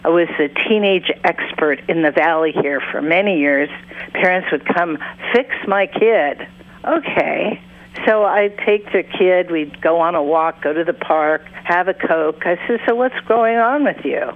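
A counselor and author speaks as an interview guest over a narrow, tinny phone line. The delivery is earnest and unhurried, dropping into quick put-on voices to act out what clients and parents say. The pitch sits in a middle range. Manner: unhurried, earnest, acts out quotes in other voices.

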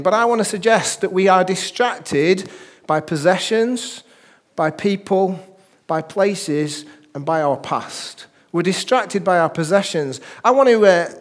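High-voiced pastor preaching. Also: male voice. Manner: jokey asides to the congregation; reads scripture slowly and deliberately. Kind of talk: sermon.

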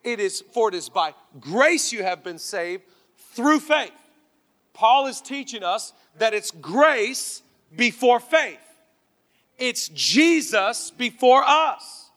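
Male pastor, high tenor, preaching with fervor, big reverberant church sound. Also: sing-song, slow pace. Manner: fervent preaching, alternating loud exhortation and quiet emphasis. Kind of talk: sermon. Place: church auditorium. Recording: reverberant large church hall.

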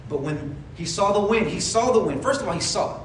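A man's voice: sits high, animated, fairly quick, a little hiss or hum. A man preaching a sermon, telling the story in a casual, conversational way and acting out dialogue. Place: church sanctuary. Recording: echoey hall from far off. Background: congregation responses.

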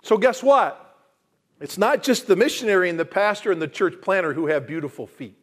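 A male pastor delivering a sermon, swinging from loud emphatic declarations to quiet asides and questioning the congregation. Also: sits high, expressive, a little fast.

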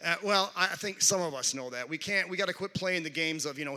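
A man's voice: sits high, expressive, brisk, pushed and bright, long reverb tail. A male pastor preaching a conversational sermon to his congregation, with frequent restarts and call-outs to the crowd. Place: large church hall.

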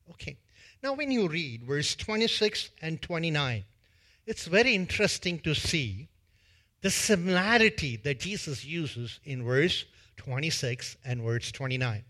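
A male pastor giving a sermon in a church, retelling a parable in an animated way and acting out its scenes with a volunteer. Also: a little high, a little slow. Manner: animated storytelling that acts out scenes.

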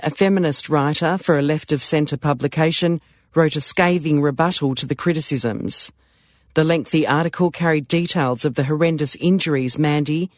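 A man reading an audiobook as narrator, in a measured, even storytelling manner. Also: a little high, no room sound, studio quality.

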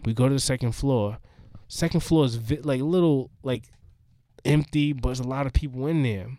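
A man's voice: medium pitch, normal speed, warm tone, no echo. A man co-hosting a casual podcast, telling loose, profane stories and acting out what people said. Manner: profane, loose storytelling, acts out quotes. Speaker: podcast co-host.

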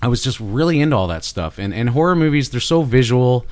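A middle-aged Canadian man with a Canadian accent is a guest artist in a casual interview, speaking fast in an expressive, mid-range voice with a darkish tone. He rambles enthusiastically with many fillers and restarts, and there's no room sound.

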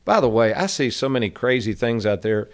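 A man's voice: mid-range voice, expressive, a little fast. A middle-aged man hosting a radio advice show, talking casually and folksy, calling his listeners folks. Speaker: radio show host, annuity advisor. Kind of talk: casual financial advice talk.

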